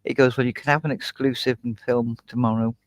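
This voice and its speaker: A man's voice: mid-range voice, flat delivery, fairly quick, dry recording. A man hosting a casual chat, telling a long anecdote in a chatty storytelling way and laughing often. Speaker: YouTube channel host.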